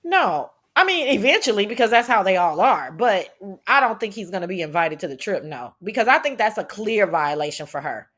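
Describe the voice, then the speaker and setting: A woman chatting casually as a co-host, animated and exclaiming, swearing freely. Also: mid-range voice, brisk. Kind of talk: casual gossip chat.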